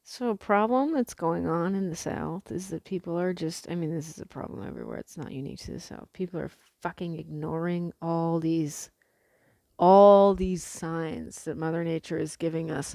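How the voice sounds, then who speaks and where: A woman's voice: lowish voice, normal speed, creaky, mellow, no echo. A young woman from the Pacific Northwest rambling casually to camera, swearing freely, with lots of fillers and restarts. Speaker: vlogger.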